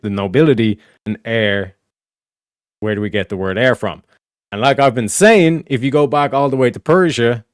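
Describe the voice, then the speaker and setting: A man's voice: mid-range voice, dry recording, clean studio sound. A man streaming, explaining in casual, rambling talk that is full of swearing and repeated asides. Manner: rambling, profane, repeats "do you know what I mean".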